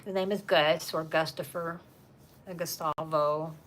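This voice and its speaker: A woman's voice: low voice, fairly even intonation, a little slow, fairly bright tone, a little hiss or hum. A woman chatting on a live stream from home, reading comments and laughing often while she talks about her dogs. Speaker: channel host reading live chat. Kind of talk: casual live-stream chat.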